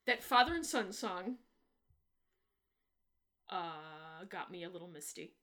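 A woman co-hosting a casual movie review podcast, talking in a lively, joking way and swearing freely. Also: fairly low pitch. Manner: profane, lively, quick to joke. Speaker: podcast co-host.

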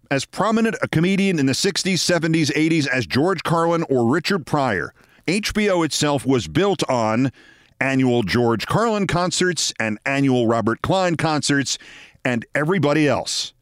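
Animated older man telling a wry story. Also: medium pitch, normal speed, no echo, clean studio sound. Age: 60s. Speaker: host. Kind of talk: personal storytelling.

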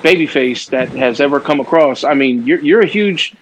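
A man in a casual podcast chat, halting and repeating words as he speaks. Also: on the high side, muffled recording, a little hiss or hum.

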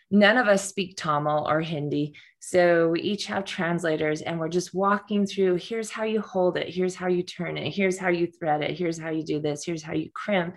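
Brief: middle-aged woman guest, low gravelly voice, earnest storyteller who stumbles and repeats. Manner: earnest, frequent restarts and repetitions. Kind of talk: personal storytelling in conversation.

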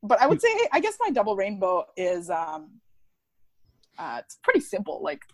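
A bubbly young woman from Canada talks casually as a guest, with lots of fillers and easy laughter. Her pitch sits in the middle for a woman. The sound is dry and close, with no room around it. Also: huge pitch swings, moderate pace, darkish tone, no room sound. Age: young adult. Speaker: podcast guest. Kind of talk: casual chat.

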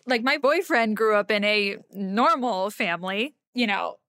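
A woman's voice: mid-range voice, expressive, measured pace, pushed and bright, smooth, dry recording, studio quality. A woman hosting a podcast, chatting casually and laid-back, full of likes and affirming yeahs. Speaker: podcast host. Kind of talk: casual chat.

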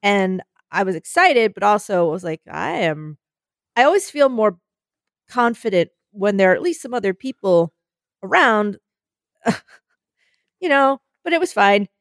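Woman, young adult, animated storytelling, mimics voices, dry recording. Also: medium pitch, measured pace, pauses often, no room sound. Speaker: co-host. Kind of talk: casual storytelling chat.

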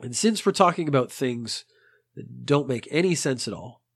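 A man's voice: mid-range voice, lively intonation, normal speed, vocal fry, slightly rough. A man hosting a podcast in a casual monologue, dry and exasperated, rambling at length. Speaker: podcast host.

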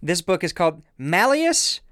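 Podcast cohost telling weird history, super lively swoopy voice, laughs a lot, dry close mic. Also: mid-range voice, normal speed, dry recording. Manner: animated storyteller, laughs often, playful asides. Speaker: podcast co-host presenting the research. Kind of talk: casual podcast chat.

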